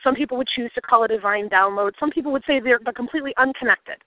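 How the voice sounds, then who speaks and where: Earnest woman speaker, reflective storyteller turned life coach, fairly high voice, tinny phone-line sound. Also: rapid-fire, no room sound. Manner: earnest, reflective, grows emotional. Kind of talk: personal story with motivational lesson.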